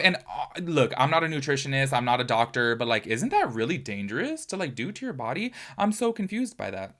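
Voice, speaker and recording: A man's voice: medium pitch, quick pace. A man giving casual reaction commentary at home, reading an article aloud and breaking in with chatty, exclaiming asides. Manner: chatty and expressive, often exclaiming, with frequent fillers. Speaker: commentary YouTuber.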